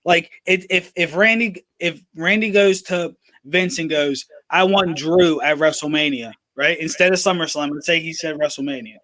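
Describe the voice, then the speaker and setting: A man's voice: a little high, steady tone, moderate pace, hardly any pauses, pushed and bright. A man co-hosting a sports talk show, making emphatic points and repeating them for force. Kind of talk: casual debate.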